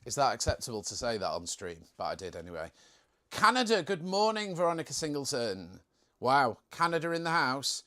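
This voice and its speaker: Animated man chatting on a live stream. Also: on the high side, brisk. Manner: chatty and jokey, reading out viewer comments. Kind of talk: casual live stream chat.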